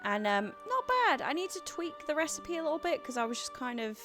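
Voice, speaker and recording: A woman's voice: sits high, lively intonation, fast talker, over music. A woman streamer chatting casually in a rambling way, with lots of fillers. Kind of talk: casual chat.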